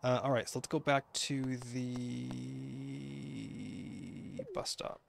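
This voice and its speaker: A man's voice: medium pitch, little pitch movement, takes it slowly, vocal fry, slight background noise. A man with a Canadian accent streaming a game live, rambling and chatting with viewers through lots of fillers and restarts. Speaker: gaming livestreamer.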